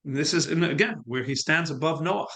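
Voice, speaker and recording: A middle-aged rabbi leads a Torah class, breaking up his points with filler words and repeated starts. His voice is bright and forward, pitched a little high for a man. He weaves stories into the teaching. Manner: halting, many fillers and restarts. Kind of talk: Torah class lecture with storytelling.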